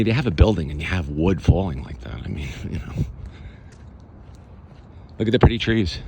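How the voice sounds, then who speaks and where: A man's voice: fairly low pitch, a little mellow, a little hiss or hum. A man walking through his own neighborhood outdoors, chatting to the camera in a casual, sarcastic way. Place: outdoors on city streets.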